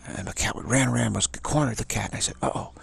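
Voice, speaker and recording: A man's voice: mid-range voice, brisk, gravelly, husky. A man giving an informal spiritual talk in a rambling, playful way, often repeating himself. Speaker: spiritual teacher.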